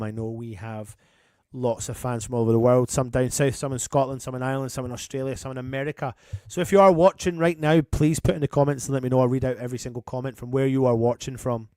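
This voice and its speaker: A man's voice: mid-range voice, a little mellow, no room sound. Guy doing a match watchalong, calls the play then chats to viewers, dry mic, no room sound. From England. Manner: chatty and matey, breaks off commentary to greet viewers. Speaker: fan channel host doing a live match watchalong. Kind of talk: live match commentary mixed with reading out viewer comments.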